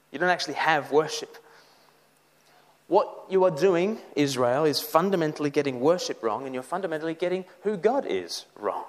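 A man preaching a sermon, animated, with mocking asides. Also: on the high side.

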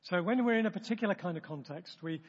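Husky high-voiced man teaching. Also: fast. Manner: chatty, self-interrupting, acts out example remarks. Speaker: church training session leader. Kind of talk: informal teaching talk. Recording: dull, long-reverb room recording.

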